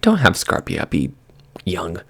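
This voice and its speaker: Man, vlogger, husky low voice, casual opinionated rant. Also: slow pace. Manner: ranting, exasperated, animated.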